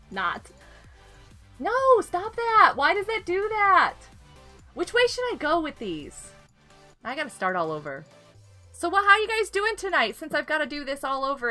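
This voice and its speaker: A woman's voice: high voice, bright, forceful tone. A young woman live-streaming a game, chatting casually and giggling often as she greets viewers.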